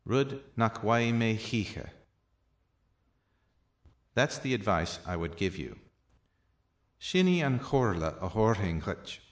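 A man teaching a language lesson, reading out practice sentences and their translations slowly and deliberately, with softer asides. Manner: slow and deliberate, with soft low asides.

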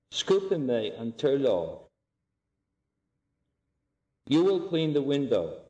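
A man teaching a language lesson, saying each phrase slowly and clearly and repeating it for learners to copy. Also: medium pitch, a little mellow, echoey room.

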